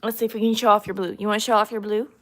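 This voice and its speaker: A woman's voice: medium pitch, flat delivery, racing. A woman hosting a casual livestream at home, chatting to viewers and talking fondly to her dogs. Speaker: livestream host.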